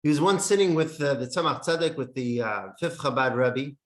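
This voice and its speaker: A man teaching a lesson on Jewish meditation, speaking in short emphatic phrases with pauses and reading from a handout. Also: medium pitch. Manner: reads from a text handout. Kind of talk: classroom lesson with storytelling. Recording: roomy echo.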